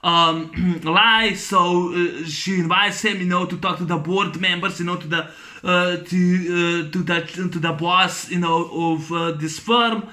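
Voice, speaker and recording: A man with a high, bright voice talks through a movie review in a loose, casual way. He rambles, leans on fillers and keeps breaking into laughter as he retells scenes. The tone stays crisp and forward throughout. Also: fairly even intonation, unhurried. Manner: rambling, full of fillers and "you know".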